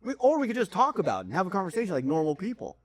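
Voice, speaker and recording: A young man co-hosting a podcast in casual chat. He tells animated stories, and his voice jumps high when he gets worked up. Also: racing. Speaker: podcast co-host.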